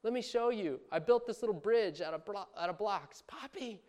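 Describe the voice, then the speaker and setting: A man's voice: high voice, lively intonation, moderate pace, a little mellow, lo-fi sound, pitched above the performer's own voice. A man putting on the voice of a small child eagerly calling out for daddy. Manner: eager, pleading calls.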